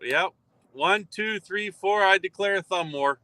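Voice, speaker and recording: A man's voice: high-pitched, unhurried, pushed and bright, no room sound. A man calling in live as a contributor, giving laid-back, joking replies. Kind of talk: casual live chat.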